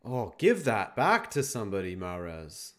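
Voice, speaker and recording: A man's voice: lowish voice, unhurried. Laid-back young man chatting over a match. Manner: relaxed, reads viewer questions, reacts to play. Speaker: watchalong host. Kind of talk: casual live-stream chat and match commentary.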